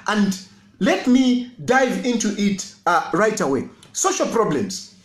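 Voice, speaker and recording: A man's voice: high voice, sing-song, takes it slowly, reverberant. A Zambian man, an opposition party leader giving a political address, emphatic and repeating his phrases with rhetorical questions.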